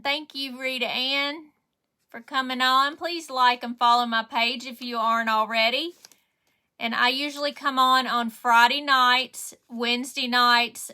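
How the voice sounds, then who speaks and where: A middle-aged woman with a Southern drawl hosts a crafting livestream, chatting easily and greeting viewers one by one. Her voice sits a little high and rings bright and clear. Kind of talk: casual livestream chat to viewers.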